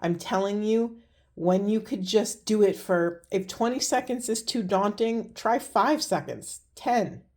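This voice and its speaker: A woman giving a spiritual card reading to her viewers, speaking slowly and earnestly with many pauses and restarts, moved close to tears. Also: mid-range voice, darkish tone. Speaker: tarot and oracle reader.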